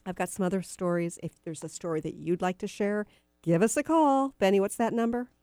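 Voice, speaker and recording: A woman's voice: mid-range voice, a little fast, mellow, clean tone, no echo. A middle-aged woman hosting a radio talk show, telling personal stories in a chatty, meandering way with many fillers. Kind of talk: casual storytelling on talk radio.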